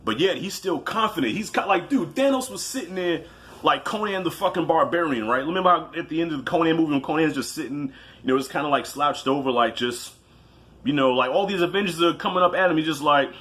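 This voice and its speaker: A man giving a casual, animated movie review, telling it like a story, swearing freely and acting out his own reactions. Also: a little high, brisk.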